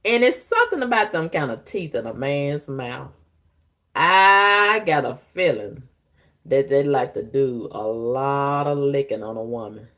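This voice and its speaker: A woman's voice: a bass voice, sing-song, unhurried, a bit bright. A woman vlogger, bluntly and profanely telling her dating stories, laughing often. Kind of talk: candid storytelling monologue.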